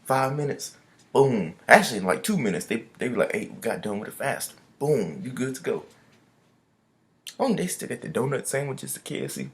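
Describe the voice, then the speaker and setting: A man's voice: mid-range voice, big pitch swings, brisk, vocal fry. A young man vlogging a casual storytime rant, loose and chatty, full of "I was like" and slang.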